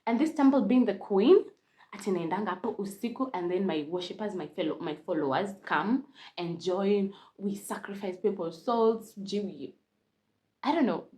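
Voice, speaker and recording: A young Kenyan woman telling a casual storytime, switching between Swahili and English, animated and laughing often. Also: medium pitch, normal speed. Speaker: vlogger.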